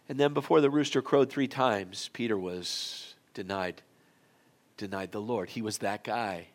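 A male pastor preaching a sermon in an auditorium, telling the story in a folksy, conversational way that swings from loud to quiet. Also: lowish voice, unhurried.

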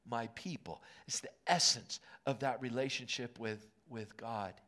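A male pastor preaching a sermon in a church auditorium, moving from hushed lines to emphatic ones. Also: medium pitch, unhurried, hardly any pauses.

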